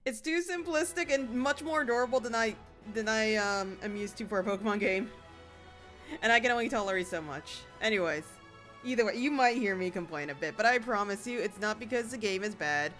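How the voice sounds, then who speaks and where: A woman streaming a video game, chatting casually with her viewers and breaking into sudden excited squeals. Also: mid-range voice, a little fast, soft background music. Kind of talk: casual gameplay commentary.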